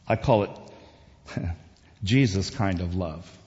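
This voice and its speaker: A man's voice: low-pitched, slow, long pauses, darkish tone. A male pastor giving a conversational sermon that swells to emphatic peaks, recorded in a church sanctuary. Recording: dull distant sound in a reverberant hall.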